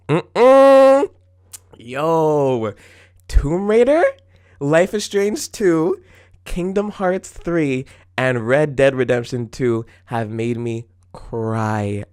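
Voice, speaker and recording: Animated young man ranting on a podcast. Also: mid-range voice, smooth. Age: 20s. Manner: animated and exclamatory, with frequent laughs; acts out his own retorts in quoted asides. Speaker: podcast host. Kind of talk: casual solo rant.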